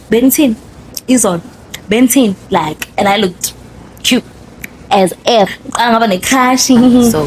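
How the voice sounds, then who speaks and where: A young woman with a South African Zulu accent, hosting a podcast and telling her story in a casual, animated monologue. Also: mid-range voice, a little hiss or hum, rough recording. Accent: South African, Zulu-speaking. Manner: chatty, code-switching, animated storyteller. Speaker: podcast host.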